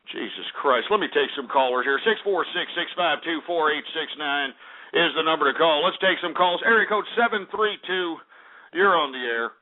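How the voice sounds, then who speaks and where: Male talk radio host, furious and foul-mouthed, high-pitched voice, thin lo-fi audio. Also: lively intonation, moderate pace. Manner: profane, heated ranting. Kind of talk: angry call-in radio rant. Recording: tinny phone-like audio.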